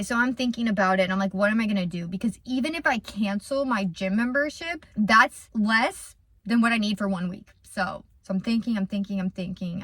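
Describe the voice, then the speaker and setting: Young woman, small business owner, casual storytime vlog; rambly and animated, mid pitch, dry close sound. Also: no echo. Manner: animated, rambling, repeats words when thinking.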